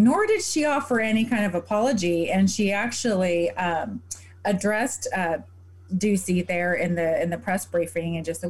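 A woman co-hosting a casual podcast, chatty and expressive, sometimes searching for her words. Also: fairly low pitch, normal speed. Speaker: podcast co-host.

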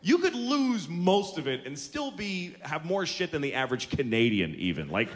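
A man in his forties doing a stand-up comedy routine, ranting with profanity and slipping into quick character voices. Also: a little high, big pitch swings. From United States. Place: large theater on stage. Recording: live theater with hall reverb and crowd laughter.

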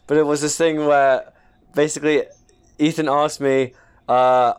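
A man's voice: a little high, level tone, unhurried, smooth. Rambling young man telling stories. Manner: rambling, self-deprecating storytelling with frequent restarts and laughs. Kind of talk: casual chat.

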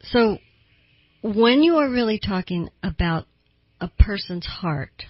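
A woman's voice: mid-range voice, expressive, takes it slowly, breathy edge, dry recording, lo-fi sound. An older woman hosting a therapy advice talk show, speaking earnestly and asking listeners direct questions. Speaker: radio therapist host.

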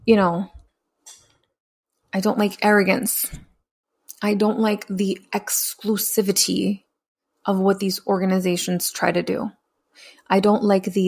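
A woman's voice: medium pitch, level tone, slow pace, creaky, pauses often, breathy edge. A young adult woman telling her own story candidly and bluntly, with profanity and acted-out quotes. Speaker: speaker sharing her story.

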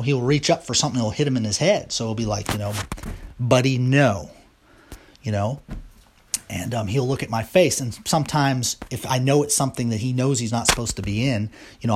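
Husky and medium in pitch, this American man delivers a loose monologue to camera. He wanders through his views, strongly opinionated and rambling.

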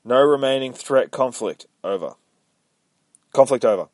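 A man's voice: mid-range voice, animated, a little slow, dry recording, natural voice. A man voicing the male AI of a combat armor suit, giving clipped military status reports. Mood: reporting.

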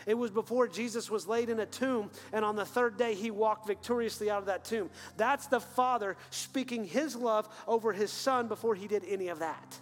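A man preaching an earnest sermon as pastor, then leading a quiet prayer. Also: high-pitched, moderate pace, few pauses. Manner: earnest, building to fervent then hushed prayer. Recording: long hall reverb with faint music.

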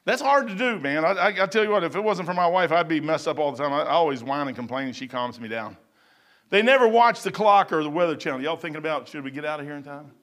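Guy preaching, kinda high voice, rambles and stumbles, goes loud then drops real low. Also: lively intonation, quick pace. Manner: folksy and rambling, with stumbles and chuckles; swings from loud bursts to low asides. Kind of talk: sermon.

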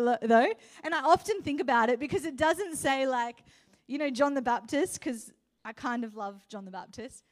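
A young woman preaching a sermon, telling a personal story and building to passionate, loud exhortation. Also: on the high side. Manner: impassioned, rising to loud exhortation.

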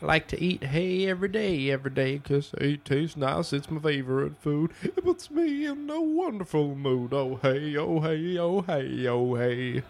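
A man's voice: a little high, animated, normal speed, vocal fry, few pauses, a little mellow, a little hiss or hum. A man voicing a cheerful male billy goat who sings a rhyming song. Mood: cheerful singing.

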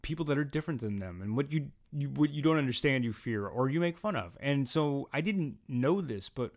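A man's voice: medium pitch, expressive, fairly quick. A young man hosting a casual podcast, rambling and self-deprecating as he talks. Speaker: podcast host.

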